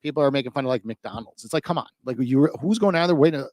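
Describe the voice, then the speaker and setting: A man's voice: medium pitch, racing, a little mellow, no room sound. A man hosting a podcast interview, asking long rambling questions full of "like" and "you know" in a casual chat. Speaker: podcast host.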